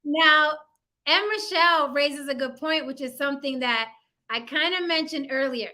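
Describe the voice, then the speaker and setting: A woman hosting a casual live-stream talk show, animated and teasing as she reads out viewer comments. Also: high voice, normal speed.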